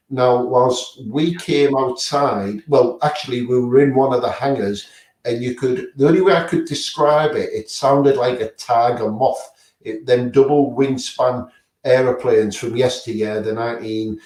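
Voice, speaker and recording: A man's voice: medium pitch, warm tone, recorded from a distance. A man, a guest paranormal investigator, answering casually with many fillers and restarts. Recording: roomy sound, away from the mic.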